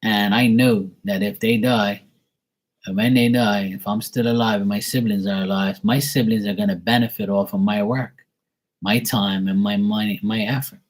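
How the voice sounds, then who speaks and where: A man's voice: on the low side, steady tone, normal speed, poor audio. A man giving a casual live-stream psychic reading, talking bluntly and emphatically with plenty of swearing. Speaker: psychic tarot reader.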